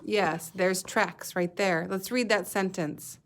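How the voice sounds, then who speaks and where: A woman teacher guiding young children through a reading lesson at an unhurried pace. She sounds out letters and words carefully and patiently, in a mid-range voice. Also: medium pitch, fairly even intonation, a bit bright. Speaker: elementary school teacher.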